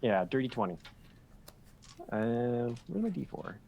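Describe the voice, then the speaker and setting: A young man playing at a tabletop game, talking in a loose, chatty way full of fillers. His pitch swings up and down with lively energy. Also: a little slow, vocal fry, dull audio, background noise. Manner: chatty, lots of 'like' and laughs. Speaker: player. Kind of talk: casual tabletop play.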